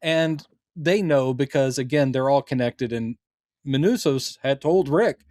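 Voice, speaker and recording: A man's voice: medium pitch, unhurried, darkish tone, no echo, clean studio sound. A man co-hosting a podcast, chatting about a TV show with enthusiasm and acting out lines. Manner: enthusiastic, acts out quotes, laughs often. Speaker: podcast co-host. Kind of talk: casual TV discussion.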